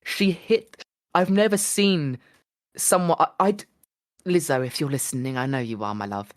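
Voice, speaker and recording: A man co-hosting a casual podcast chat, telling stories in an excitable, gushing way with lots of restarts. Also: fairly high pitch, normal speed, no echo, studio quality. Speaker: podcast co-host.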